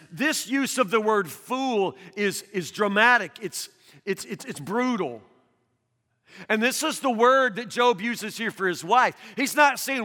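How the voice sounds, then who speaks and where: High, bright-voiced preacher in a reverberant hall. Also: male voice. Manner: earnest, repeats words when pressing a point, rises to near shouting. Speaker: pastor. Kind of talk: sermon. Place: church hall.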